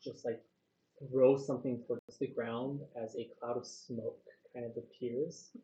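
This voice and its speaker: A woman's voice: very deep voice, steady tone, a little slow, dark tone. A woman narrating a tabletop game as game master, loose and full of fillers. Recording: dull, echoey room recording.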